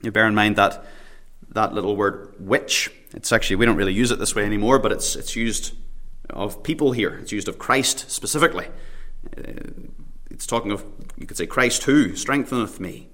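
A man's voice: lowish voice, moderate pace, bright, forceful tone. Earnest man preaching a sermon. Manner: earnest preaching, quotes scripture in King James wording, repeats words as he starts. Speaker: pastor. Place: church prayer meeting.

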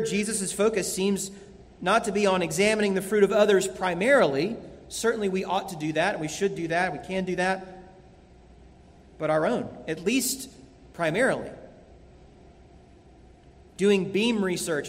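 A man's voice: high-pitched, normal speed, long pauses. A man preaching a sermon as a pastor, earnest and emphatic, repeating key phrases. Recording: long hall reverb.

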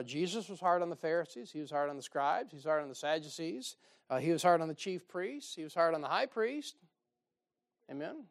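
A male pastor delivers a sermon in a fairly high voice. He tells folksy stories and slips in dry, sarcastic asides.

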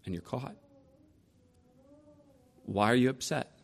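A man's voice: mid-range voice, slow pace, vocal fry. A man in his forties preaching a sermon, telling personal stories and asking rhetorical questions. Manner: storytelling, rhetorical questions, lively shifts in loudness. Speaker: pastor.

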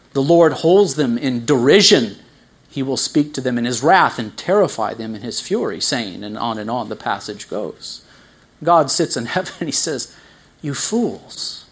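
A man preaching a sermon, explaining scripture with earnest emphasis, swelling on key lines and dropping to quiet asides, with some stammered restarts. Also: mid-range voice, breathy edge.

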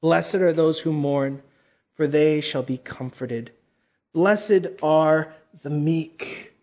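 A fervent male preacher with a high voice, rising to loud exclamations and then dropping into hushed, slow passages. He stretches out important words for emphasis. The recording sounds dull and lo-fi. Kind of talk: sermon.

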